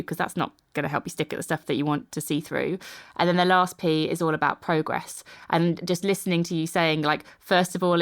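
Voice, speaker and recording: A woman hosting a podcast conversation, drawing thoughtful links to what her guest says. Her voice sits fairly low for a woman. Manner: thoughtful, reflective. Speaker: podcast host. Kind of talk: conversational interview.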